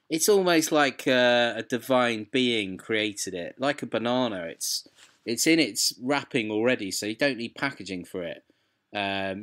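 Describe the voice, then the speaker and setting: A man from South London co-hosting a podcast in casual chat, rambling and jokey with lots of fillers and restarts. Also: medium pitch. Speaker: podcast co-host.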